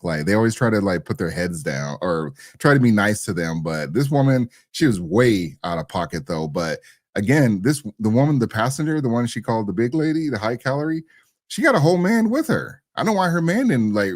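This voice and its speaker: A man's voice: fairly low pitch, big pitch swings, brisk, no room sound, studio quality. A man co-hosting a podcast, talking bluntly and animatedly with loose slang. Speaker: podcast co-host. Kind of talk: casual podcast chat.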